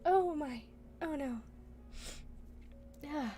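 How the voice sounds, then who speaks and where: A woman's voice: high voice, expressive, drawn-out words, long pauses, faint music behind. A young woman streaming, chatting casually, giggling often and hiccuping now and then. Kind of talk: casual chat.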